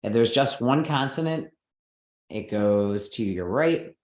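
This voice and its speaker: A man's voice: medium pitch, lively intonation, slow pace, darkish tone. Patient man teaching in an echoey room. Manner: patient, explanatory, checks in with "okay" and "right". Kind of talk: online lesson on Sanskrit pronunciation.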